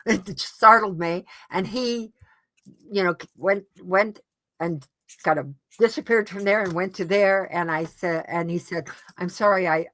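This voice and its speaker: A woman as an interview guest, recounting a personal experience in an earnest, halting way with frequent restarts. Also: fairly low pitch, dry recording. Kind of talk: casual personal storytelling.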